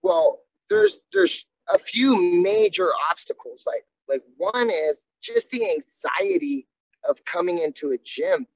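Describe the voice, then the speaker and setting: A man's voice: high-pitched, huge pitch swings, slow pace, creaky, no room sound. A man, a jiu-jitsu coach, talking candidly and earnestly in a casual interview, often restarting his sentences. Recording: dull, dry sound.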